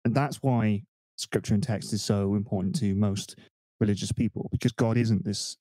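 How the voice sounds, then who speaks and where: A man's voice: lowish voice, steady tone, moderate pace, dark tone, no room sound. A man co-hosting a casual podcast over a remote call, explaining ideas at length and thinking aloud with fillers. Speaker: podcast co-host. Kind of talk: casual discussion. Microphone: desk microphone.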